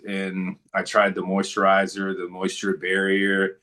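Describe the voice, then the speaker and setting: Deep-voiced man, laid-back storyteller. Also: completely flat delivery, a little slow, a bit bright. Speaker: guest. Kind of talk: casual interview chat.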